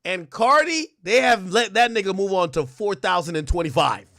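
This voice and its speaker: A man giving casual, animated commentary on a stream, laughing often and mocking fans in exaggerated voices. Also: sits high, normal speed, no echo, clean studio sound. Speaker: stream co-host. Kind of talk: casual commentary on music and rappers.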